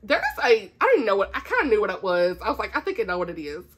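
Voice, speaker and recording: A woman's voice: medium pitch, big pitch swings, fast, breathy edge. A chatty woman with a Southern US accent, showing off her book haul in a casual vlog and laughing often. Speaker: book vlogger.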